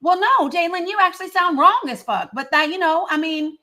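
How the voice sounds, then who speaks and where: A woman's voice: very high voice, lively intonation, brisk, sharp tone. A woman hosting her own live stream, pressing a guest firmly and repeating her questions. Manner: firm, insistent, repeats questions, talks over interruptions. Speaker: livestream host. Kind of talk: heated livestream argument.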